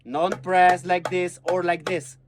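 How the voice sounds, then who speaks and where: A man teaching hand-drum technique, chanting drum syllables and counting beats in halting. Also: sits high, level tone, music in the background. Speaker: percussion teacher. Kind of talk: hands-on music lesson.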